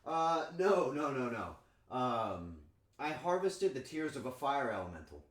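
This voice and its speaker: A man's voice: mid-range voice, a little slow. A man casually chatting with his viewers on a cooking stream, playful and joking. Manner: playful, joking with chat, animated outbursts. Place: home kitchen. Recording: echoey room, faint ambience.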